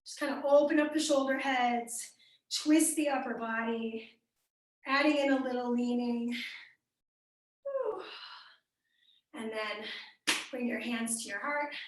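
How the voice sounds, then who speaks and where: A woman's voice: a little high, takes it slowly, long pauses. A young woman with a Midwestern accent leading a live workout class, upbeat and encouraging as she cues moves and calls out class members by name. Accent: American Midwestern. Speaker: fitness instructor. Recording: echoey room, voice from far off the mic.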